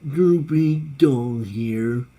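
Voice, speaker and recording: A man doing an impression of a glum male cartoon dog with a slow mournful drawl. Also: mid-range voice, warm tone. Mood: droll.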